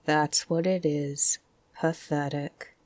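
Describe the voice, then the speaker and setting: A woman voicing a gloomy old male donkey who speaks in a slow, mournful drawl. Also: low-pitched, fairly even intonation, darkish tone, dry recording, pitched below the performer's own voice.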